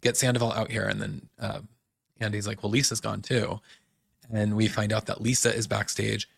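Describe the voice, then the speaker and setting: A young man recapping in a loose, opinionated ramble, slipping into other people's lines as he goes. His voice sits a bit low with a gravelly fry. The sound is dry and close, with no room around it. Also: little pitch movement, normal speed, no room sound. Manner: chatty, opinionated, heavy on "like" and quoted dialogue. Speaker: podcast host recapping a reality show. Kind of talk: casual recap monologue.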